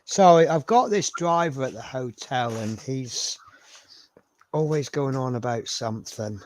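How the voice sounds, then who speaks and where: A man's voice: medium pitch, lively intonation, a little slow, a little mellow. A man hosting a live model-building stream, chatting in a rambling, self-mocking way. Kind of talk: casual live-stream chat.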